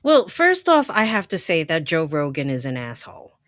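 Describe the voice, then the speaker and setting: A woman's voice: low-pitched, wildly swooping pitch, normal speed, fairly bright tone, dry recording, clean studio sound. A woman hosting a political commentary channel, blunt, indignant and profane as she reacts to a clip.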